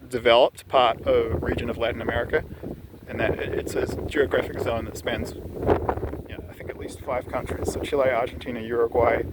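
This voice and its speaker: A man vlogging outdoors, talking casually and rambling with many restarts and asides. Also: medium pitch. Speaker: vlogger sharing dreams. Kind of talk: casual outdoor vlog monologue. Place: outdoors on a windy hillside. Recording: wind noise on the mic. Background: wind.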